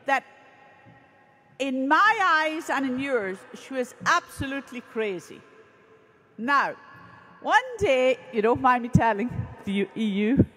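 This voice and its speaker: A woman's voice: sits high, pushed and bright. A woman religious sister, giving an earnest storytelling sermon. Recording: reverberant hall.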